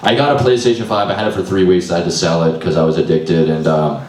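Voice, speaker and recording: A man's voice: sits low, steady tone, fast talker, darkish tone. A young man doing loose, self-deprecating stand-up at an open mic, swearing often and sounding frazzled. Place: small comedy venue. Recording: echoey room, mic far off.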